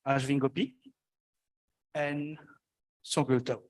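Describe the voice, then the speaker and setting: Slow, halting conference moderator man. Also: medium pitch, little pitch movement, darkish tone, rough recording. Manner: halting, frequent ums and uhs. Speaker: panel moderator. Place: conference stage.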